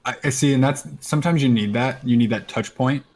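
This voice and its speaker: Male podcast co-host, mid-pitched, rambling casual chat, faint noise behind. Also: fast talker, a little mellow. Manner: rambling, trails off, restarts.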